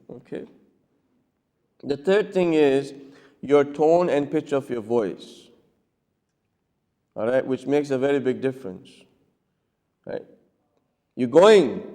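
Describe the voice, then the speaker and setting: A man's voice: mid-range voice, a little mellow. A man, a cleric, teaching in a lecture style, often checking with his listeners and acting out short dialogues. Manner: keeps checking with listeners, acts out little dialogues. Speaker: cleric giving a talk. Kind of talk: lecture with audience questions. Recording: long reverb of a hall.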